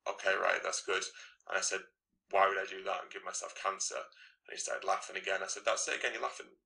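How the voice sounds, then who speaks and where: Fast, gravelly deep-voiced Englishman. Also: sharp tone, rough recording. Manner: quick storytelling with many restarts. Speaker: interviewee. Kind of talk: recounting an incident in an interview.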